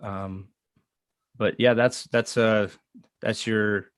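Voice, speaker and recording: A man in his thirties telling a personal story in an earnest, halting way, with many fillers and restarts. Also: fairly low pitch, fairly even intonation, clear, resonant tone, no echo. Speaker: guest. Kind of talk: casual storytelling.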